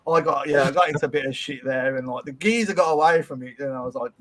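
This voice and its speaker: Podcast host: man, mid-pitched, laid-back and sweary. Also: racing, fairly bright tone. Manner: loose, sweary, chuckling. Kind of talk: casual podcast chat.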